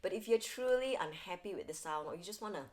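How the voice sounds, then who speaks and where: A young woman vocal coach giving an upbeat, clear singing lesson to camera. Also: medium pitch, expressive, quick pace.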